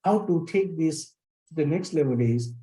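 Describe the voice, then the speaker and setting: A man's voice: fairly high pitch, animated, moderate pace, dark tone, slight background noise, low-quality recording. A man on a webinar panel making points in clipped, emphatic phrases. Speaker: panelist giving closing comments.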